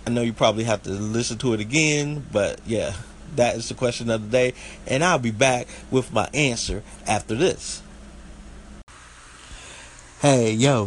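A man's voice: medium pitch, a little hiss or hum, poor audio. A man from the southeast United States with a Southern country accent, hosting a casual solo podcast in a folksy way that sometimes stumbles over words. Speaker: podcast host.

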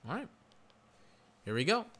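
Young male podcast host, bright tone, loose play-by-play with fillers and frustrated outbursts. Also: sits high, big pitch swings, moderate pace. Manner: gets loud and frustrated at plays, rambling with fillers. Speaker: podcast host doing game commentary. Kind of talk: casual live football commentary.

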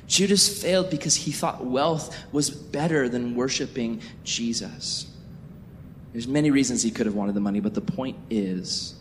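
A young man giving a youth sermon as a youth pastor, jokey and animated, acting out the people in his stories. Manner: animated, jokey storytelling with acted-out voices. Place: church sanctuary. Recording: echoey hall with faint rumble.

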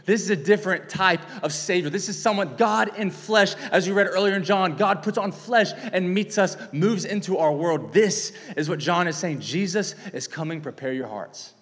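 Guy preaching a sermon, kinda high voice, echoey hall, gets loud then drops way down. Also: normal speed, hardly any pauses. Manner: animated teaching with big swings in volume. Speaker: pastor.

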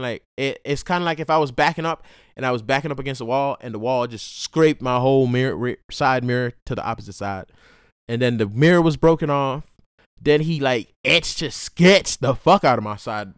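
A man's voice: medium pitch, a bit bright, smooth, dry recording, studio quality. A young man hosting a podcast, telling stories casually in slangy, profane talk. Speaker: podcast host and college student. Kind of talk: casual storytelling monologue.

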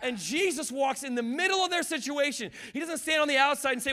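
Male guest pastor with a high voice, a fervent preaching style, and a conversational delivery. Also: fairly quick. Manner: passionate preaching that builds to shouts; conversational, with repeated words and restarts. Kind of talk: sermon.

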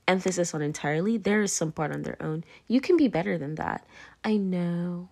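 On her own podcast, a drunk, tipsy host wanders through a loose, chatty solo monologue in a low, gravelly voice full of fry. She's brisk with a darkish tone, keeps abandoning her thread with "anyway, moving on," and laughs and slides into whispers.

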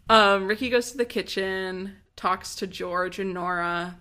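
A woman co-hosting a podcast, quickly and sardonically retelling a TV episode in casual chat. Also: medium pitch, sharp tone. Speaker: podcast co-host.

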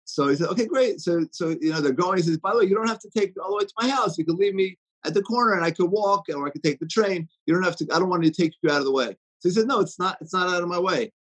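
Husky, high-voiced man telling stories. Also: fast talker, hardly any pauses, poor audio. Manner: storytelling, many fillers and restarts. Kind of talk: inspirational talk with stories.

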